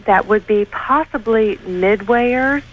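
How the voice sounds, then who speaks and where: A woman phoning in to a radio show, talking slowly and haltingly, with lots of pauses. Her voice comes through a dull, lo-fi line with a faint hiss behind it. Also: a little high. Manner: hesitant, full of fillers and restarts. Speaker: radio caller. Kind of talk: phone-in chat.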